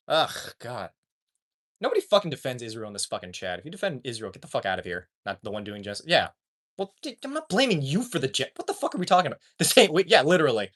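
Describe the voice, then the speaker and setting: A man's voice: fairly high pitch, sing-song, quick pace, fairly bright tone. Profane ranting male streamer. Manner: profane, ranting, reads chat aloud. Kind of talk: live stream chat.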